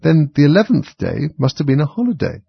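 A man's voice: on the high side, huge pitch swings, brisk, creaky, slightly rough, no room sound, muffled recording, pitched above the performer's own voice, exaggerated voice. A man voicing curious little Alice. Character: polite, curious little girl. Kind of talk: storybook reading.

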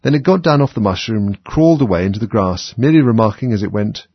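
A man narrating a storybook in a measured, lively way. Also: on the low side, breathy edge, dry recording. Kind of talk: storybook reading. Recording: dull, dry lo-fi recording.

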